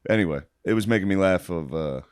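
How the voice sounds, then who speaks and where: A laid-back man co-hosting a podcast, his voice somewhat low and dry, close on the mic. He sounds amused and chuckles as he talks. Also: animated, fast talker, a little mellow, smooth, no room sound. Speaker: podcast co-host. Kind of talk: casual chat.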